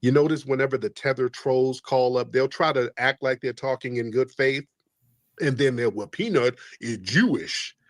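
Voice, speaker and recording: A man's voice: mid-range voice, level tone, moderate pace, no room sound. A man hosting a call-in livestream, preachy and emphatic, repeating his points. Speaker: livestream host. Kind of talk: combative call-in livestream talk.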